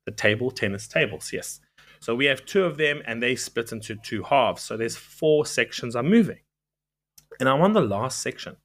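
A man co-hosting a podcast, telling a work story in a lively way, often stopping to correct himself. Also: medium pitch, normal speed. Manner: lively storytelling, self-interrupting. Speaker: podcast co-host. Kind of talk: casual chat.

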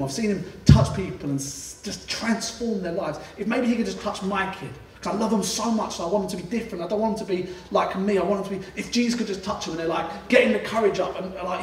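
Man preaching, animated storytelling, high voice, echoey room, distant mic. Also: quick pace, hardly any pauses, slight background noise. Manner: animated storytelling, casual asides. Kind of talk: sermon.

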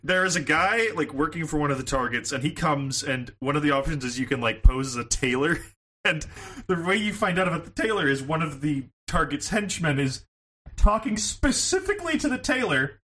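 Animated, laughing man on a podcast. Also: on the high side, fairly quick. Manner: laughing, animated storytelling with profanity. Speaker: podcast co-host. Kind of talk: casual podcast chat.

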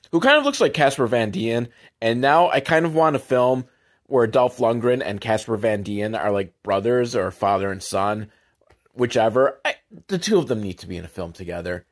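A man with a medium-pitched voice hosts a comedy podcast and rambles through a movie recap. He keeps slipping into sarcastic asides, and some of them sink into a low mutter. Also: lively intonation, normal speed. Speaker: podcast host.

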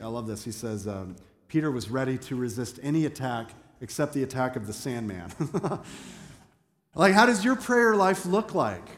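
A man preaching a sermon as pastor, animated, acting out quoted voices and dropping self-deprecating asides. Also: medium pitch. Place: church sanctuary. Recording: echoey church hall.

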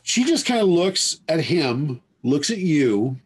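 A man narrating as game master of a tabletop game, hedging his descriptions as the scene unfolds. His voice is husky and slow. His pitch swings widely while he tells the story. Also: sing-song. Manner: drawn-out storytelling with many hedges.

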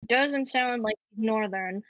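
A woman's voice: a little high, measured pace, a bit bright, no room sound. A young woman with a Canadian accent in casual chat, talking with lots of fillers and frequent laughs. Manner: chatty, laughs often, many fillers. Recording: dull lo-fi sound.

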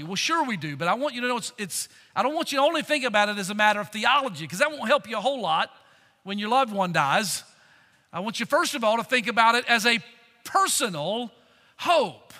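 Pastor, man, high piercing voice, dynamic sermon delivery, big echoing hall. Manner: preaching with swings from hushed to loud. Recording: long hall reverb.

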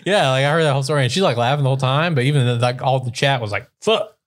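A man's voice: mid-range voice, racing. A young man co-hosting a podcast, chatting casually and rambling with lots of fillers. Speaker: podcast co-host. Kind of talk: casual chat.

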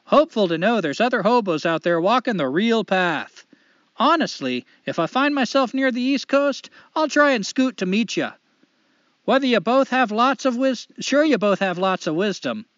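A folksy, upbeat drifter woman with a light Canadian lilt, as a man puts her on while reading a letter. The voice sits higher than his usual talk and is bright with cheer. The audio is a touch muffled. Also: sing-song, moderate pace, no room sound. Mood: cheery. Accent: light put-on Canadian. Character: adventurous female drifter writing in, folksy and upbeat.

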